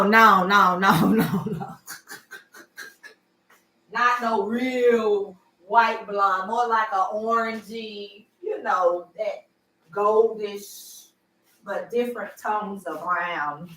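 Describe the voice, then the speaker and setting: A woman chatting on a casual livestream, animated and teasing, jumping between loud outbursts and low murmurs. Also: takes it slowly. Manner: flirtatious, teasing. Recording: echoey room, far from the mic.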